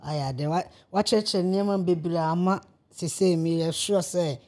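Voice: medium pitch, normal speed, a little mellow. A radio host, interviewing a guest, adding short responses and summing up the guest's points. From Ghana. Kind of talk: radio talk-show interview.

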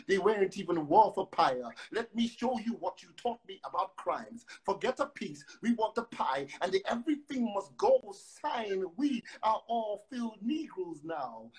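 A man, a poet, chatting loosely with many fillers and then reciting spoken word verse with rhythmic emphasis over a phone live stream. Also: high-pitched. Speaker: guest poet. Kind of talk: casual chat and spoken word poetry reading. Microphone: phone on a live video stream.

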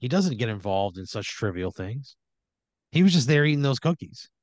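A male podcast host improvises a darkly comic story for his co-host. He rambles and restarts, fumbles through fillers, and keeps chuckling at his own turns. His voice sits at a middle pitch and is recorded close and dry. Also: sing-song, moderate pace, dry recording, highs cut off.

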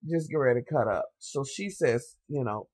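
Husky and mid-range, a young man recaps a TV episode at a moderate pace with no echo. As a show reviewer, he tells it with sass, slang and free swearing, addressing his viewers directly.

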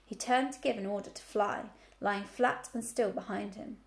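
A woman teacher reading a children's book aloud, telling the story clearly and expressively. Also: mid-range voice, normal speed.

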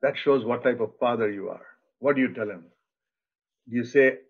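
A man's voice: medium pitch, fairly quick, pauses often. An older male preacher giving a sermon in an earnest, plain-spoken way, acting out bits of dialogue. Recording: tinny phone-like sound.

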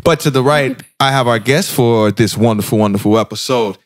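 A man's voice: medium pitch, brisk. A young man hosting a casual podcast, loose and joking, swearing freely as he talks. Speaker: podcast host.

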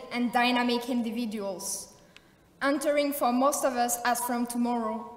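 A woman in her twenties from France with a French accent, giving a formal valedictorian speech at a graduation. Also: a little high. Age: 20s. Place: large ceremony hall. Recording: echoey hall, distant mic.

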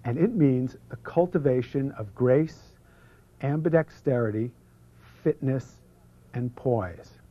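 A man presenting an instructional seminar, energetically drawing out foreign terms for the audience to repeat and sometimes dropping to a hush. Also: medium pitch, slow. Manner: drops to a hush for some passages. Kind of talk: instructional seminar talk leading audience repetition. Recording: muffled lo-fi video recording.

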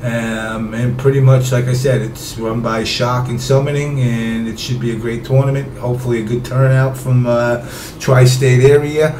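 A man's voice: medium pitch, flat delivery, normal speed, hardly any pauses. A man hosting a casual streamed talk show, rambling and swearing offhandedly. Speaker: show host. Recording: roomy with background noise.

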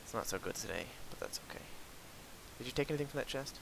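A man's voice: mid-range voice, lively intonation, fast talker, vocal fry, fairly bright tone, rough recording. A young man hosting casual gameplay commentary, teasing his co-player with joking banter. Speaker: channel host.

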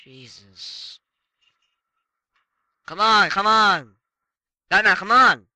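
High, bright-voiced excitable male gamer. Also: slow pace, no echo, rough recording. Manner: excitable, swearing, frequent exclamations. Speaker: let's play gamer. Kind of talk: casual gameplay commentary.

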